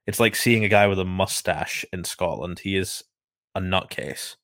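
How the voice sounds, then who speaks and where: A man's voice: sits low, moderate pace, a bit bright, no echo, clean studio sound. A man in a casual podcast chat, blunt and jokey, swearing now and then. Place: lives in Scotland.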